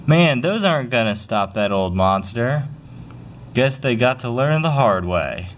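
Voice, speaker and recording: A man's voice: medium pitch, expressive, unhurried, slight background noise. A man reading a comic aloud and voicing all the parts and sound effects playfully. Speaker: comic reader.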